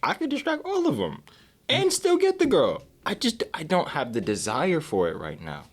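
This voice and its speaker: A man's voice: on the high side, huge pitch swings, moderate pace. A young man co-hosting a podcast, sarcastic in casual banter, who tells strange stories and trivia. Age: young adult. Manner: sarcastic, storytelling, full of odd facts. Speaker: podcast co-host.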